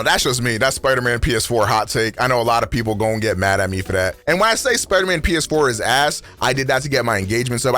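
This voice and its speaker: A man's voice: lowish voice, pushed and bright. A young man with a profane, slangy, rambling delivery, doing a comedic rant about video games on a studio microphone. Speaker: gaming YouTuber. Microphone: studio dynamic microphone.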